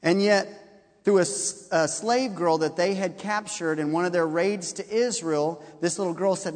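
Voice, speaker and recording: A high-pitched man preaches to his congregation, retelling a story with animated energy and slipping into the voices of its characters. His voice rings out with a long reverb trailing behind it, as if it fills a large hall. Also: moderate pace. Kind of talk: sermon.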